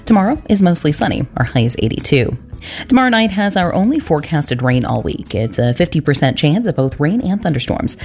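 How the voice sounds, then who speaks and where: Low-pitched woman, studio weather read, steady. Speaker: radio weather announcer. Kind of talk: scripted weather forecast. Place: radio studio.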